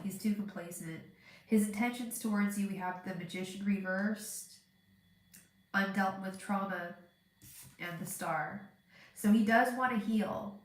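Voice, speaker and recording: A woman's voice: medium pitch, echoey room. A woman with a stuffed-up, congested voice giving a live tarot reading, chatty and thinking aloud with lots of fillers and restarts. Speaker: tarot reader.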